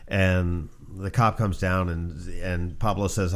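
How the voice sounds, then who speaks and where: A man hosting a podcast, chatting casually and telling stories in an animated way. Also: low voice, moderate pace. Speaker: podcast host. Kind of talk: casual chat, storytelling.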